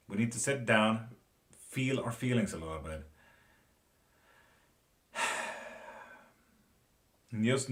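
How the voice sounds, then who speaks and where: A man giving a casual live-stream tarot reading and chatting with viewers, talking loosely and swearing now and then. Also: on the low side. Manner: casual, swearing, laughs often. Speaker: tarot reader.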